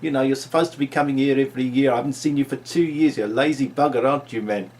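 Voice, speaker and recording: A man's voice: medium pitch, steady tone, fast, a little mellow, close to an everyday voice. A man putting on a South African accent to play a bossy male optician scolding a patient.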